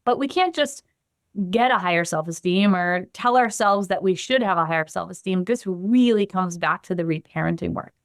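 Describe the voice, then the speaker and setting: A woman guest on a podcast explaining her practice in an animated way, acting out the voices of the people in her examples. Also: lowish voice, moderate pace, no echo, studio quality. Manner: animated, acts out the quotes she gives. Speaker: guest, somatic trauma practitioner.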